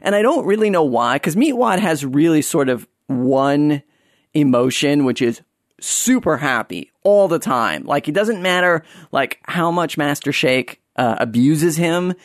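A man hosting a solo talk show in a casual, rambling way. He is sarcastic and keeps cutting himself off mid-thought. His voice sits a little high, and the sound is dry and close. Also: animated, unhurried, no room sound. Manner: rambling, sarcastic, self-interrupting. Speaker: podcast host.

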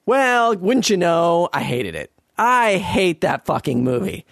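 A man's voice: high voice, sing-song, takes it slowly, vocal fry, a bit bright, no room sound, studio quality. A man in a casual monologue, ranting in a sarcastic, profane and rambling way.

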